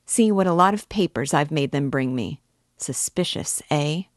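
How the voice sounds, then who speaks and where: A woman's voice: low-pitched, expressive, normal speed, no room sound, clean studio sound. Raskolnikov, a feverish, mocking young man, read by a woman. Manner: taunting, then hushed and intense.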